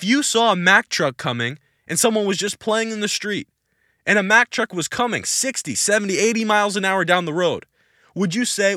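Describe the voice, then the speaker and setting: A man's voice: high voice, animated, moderate pace, sharp tone, dry recording, studio quality. A man hosting a Christian podcast Q&A, answering questions in an emphatic, insistent, preachy way and repeating his points. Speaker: podcast host.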